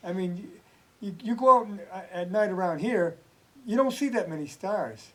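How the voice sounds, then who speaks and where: A man's voice: sits high, expressive, moderate pace, fairly bright tone, rough recording. A man hosting a casual TV interview in an easygoing, chatty way. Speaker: TV host.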